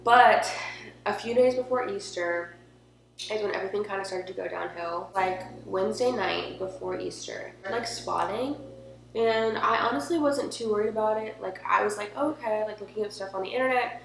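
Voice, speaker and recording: A woman's voice: mid-range voice, normal speed, gravelly. A young woman telling a personal story in a casual, emotional, chatty way, filling her talk with "like". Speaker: vlogger. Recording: echoey room with faint hum.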